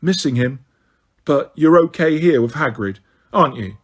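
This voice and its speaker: A man's voice: a little high, animated, moderate pace, slightly rough. A determined teenage boy speaks in a firm, blunt way, as a male audiobook reader puts him on. The lines sit slightly above the narrator's own voice.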